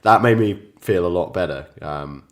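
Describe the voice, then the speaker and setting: Male co-host, very low cold-deepened voice, calm and agreeable in casual chat. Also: moderate pace. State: voice lowered by a cold. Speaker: podcast co-host.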